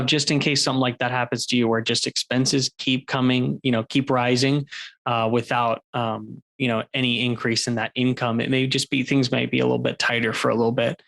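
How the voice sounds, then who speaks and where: A man co-hosting a casual podcast, giving unhurried, practical money advice. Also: medium pitch, vocal fry, a bit bright. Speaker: podcast co-host. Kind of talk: casual finance podcast chat.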